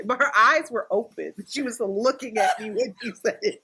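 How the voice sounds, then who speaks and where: A woman's voice: on the high side, normal speed, hardly any pauses, pushed and bright, breathy edge. Laughing woman telling a story. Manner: laughing storyteller, acts out quotes. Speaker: podcast co-host. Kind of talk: casual podcast chat.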